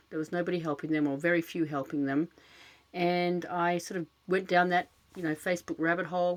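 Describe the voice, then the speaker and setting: Fast-talking older Australian woman. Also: on the low side. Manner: chatty, self-deprecating, fast-talking with many fillers. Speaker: podcast host. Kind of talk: casual solo podcast monologue. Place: small closet lined with cushions.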